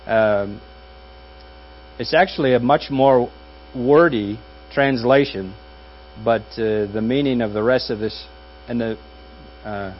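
Wry preaching man, dull hum-tinged audio. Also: mid-range voice. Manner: conversational and wry, with dry jokes and pauses. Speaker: pastor. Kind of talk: sermon.

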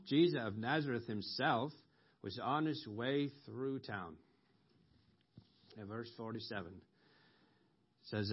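A man preaching a sermon, explaining scripture slowly with pauses and ums, rising sharply when he quotes a cry for mercy. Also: mid-range voice, husky. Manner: slow, explanatory, with ums and emphatic rises on quoted cries. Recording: dull lo-fi recording.

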